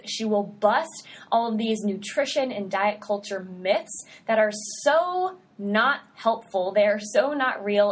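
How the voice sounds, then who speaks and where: Upbeat young woman hosting a podcast. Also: a little high. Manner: upbeat and chatty, casual slang. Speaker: podcast host and dietitian. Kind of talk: solo podcast intro.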